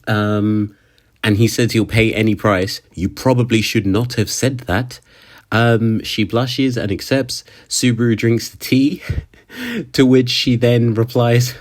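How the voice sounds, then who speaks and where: A young man casually recapping an anime episode, joking and talking back to the characters as he goes. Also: lowish voice. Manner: animated, jokey, talks back to the characters.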